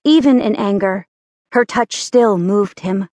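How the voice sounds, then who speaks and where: In a clean, dry studio recording, a woman narrates a romance audiobook from a script. Her voice is medium in pitch, and she tells the story in a steady, even way.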